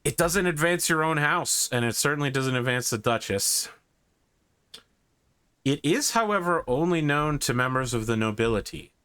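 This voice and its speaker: A man's voice: fairly high pitch, animated, normal speed, sharp tone, clean tone. A man running a tabletop game as game master, describing scenes loosely with many fillers.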